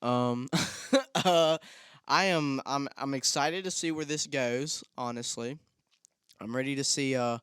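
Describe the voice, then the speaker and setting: Rambling young man, smooth voice. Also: mid-range voice, slow pace, fairly bright tone, dry recording, studio quality. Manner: rambling, swears a lot, frequent restarts. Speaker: podcast co-host. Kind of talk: casual storytelling chat.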